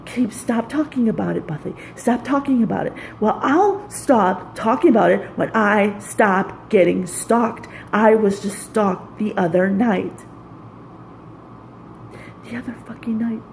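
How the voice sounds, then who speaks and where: Slow gravelly woman venting raw emotion. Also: mid-range voice, slight background noise, low-quality recording. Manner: raw, intense, profane venting. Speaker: vlogger. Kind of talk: emotional personal monologue.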